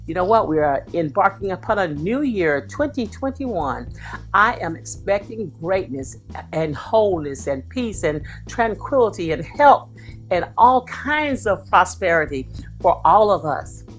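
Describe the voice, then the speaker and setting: A woman's voice: fairly low pitch, expressive, unhurried, soft background music. A woman hosting her own cooking video from her home kitchen, talking to viewers with folksy, exclaiming enthusiasm. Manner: warm folksy enthusiasm, exclaiming over the food. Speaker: cooking channel host. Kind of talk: casual cooking video chat.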